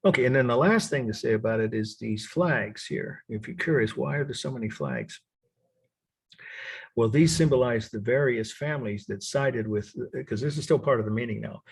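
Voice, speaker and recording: A man's voice: medium pitch, animated, normal speed, husky. An older man teaching an art history class, in a rambling, digressive way with frequent chuckles. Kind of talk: recorded college lecture.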